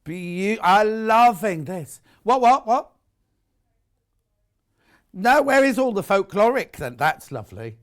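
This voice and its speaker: A British man hosting a live shopping channel segment, gushing over each item in a chatty stream. His voice sits fairly high and swings up and down a lot as he exclaims. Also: very animated, a little slow, few pauses. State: out of breath. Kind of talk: live sales presentation. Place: TV studio.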